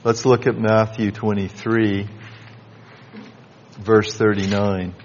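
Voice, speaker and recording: A man preaching a Bible exposition sermon, reading scripture aloud in measured King James wording. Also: fairly low pitch, level tone, darkish tone, highs cut off, a little hiss or hum.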